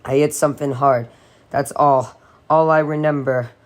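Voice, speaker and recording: A man's voice: medium pitch, fairly even intonation, normal speed, natural voice. A male reader playing a dazed, grumpy joker just waking up, sleepy mutter. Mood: groggy. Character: groggy hurt young man, wisecracking.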